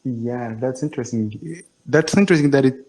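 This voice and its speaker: A man's voice: mid-range voice, moderate pace, a little mellow. A man practicing English on a video call, polite and eager, agreeing often. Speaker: English learner, channel host. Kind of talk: casual video call lesson.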